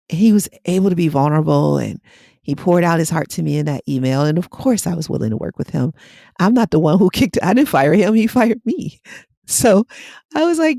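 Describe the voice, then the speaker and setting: A woman's voice: on the low side, animated, moderate pace, creaky, darkish tone, dry recording, studio quality. A middle-aged woman hypnotherapist giving a casual, blunt and direct motivational talk on her podcast.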